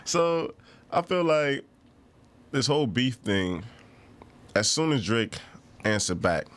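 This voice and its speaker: A man's voice: mid-range voice, big pitch swings, slow, a bit bright. A man with a New York accent co-hosting a podcast, talking in a laid-back, slangy way and laughing often. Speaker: podcast co-host. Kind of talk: casual podcast banter.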